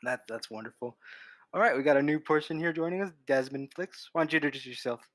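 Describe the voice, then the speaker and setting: A man's voice: a little high, quick pace, no room sound. Laid-back man hosting a podcast. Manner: relaxed, self-deprecating, laughs easily. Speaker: podcast host. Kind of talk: casual podcast chat.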